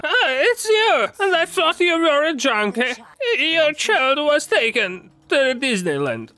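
A man's voice: extremely high pitch, very animated, slow, pushed and bright, soft background music, exaggerated voice. A man voicing a rambling old village grandma who tells crude jokes. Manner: chatty, rambling.

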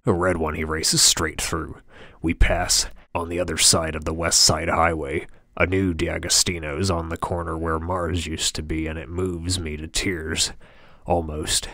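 A man reads a novel aloud as a first-person audiobook narrator, cool and measured throughout. His voice is extremely deep, and the recording is dry and close with no room sound. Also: fairly bright tone, no echo.

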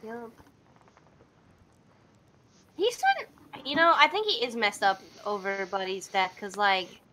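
A woman casually chatting and reacting while playing a farming game with a friend, excitable and quick to swear. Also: medium pitch. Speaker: Let's Play gamer. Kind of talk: casual co-op gaming chat. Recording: clear background noise.

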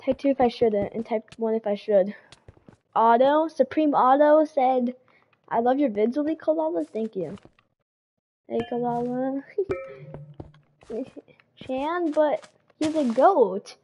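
A woman live-streaming a game, chatting excitedly with viewers, rambling and often stammering and repeating words. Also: high voice, slow, pauses often, muffled recording, slight background noise. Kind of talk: casual live-stream chat.

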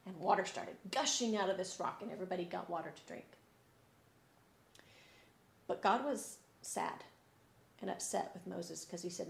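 Woman children's church teacher, expressive storytelling, echoey church room. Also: medium pitch, moderate pace, gravelly. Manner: expressive, swinging between sad and lively. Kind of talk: Bible story lesson for kids.

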